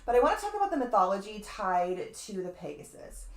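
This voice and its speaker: A woman astrologer lectures in a relaxed, chatty way, drifting into asides and tossing in the occasional swear. Her voice sits at a middle pitch. The recording has a noticeable echo, as if made in a bare room. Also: brisk. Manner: chatty, digressive, fond of asides and mild swearing. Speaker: astrologer teaching a webinar. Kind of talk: casual spoken lecture.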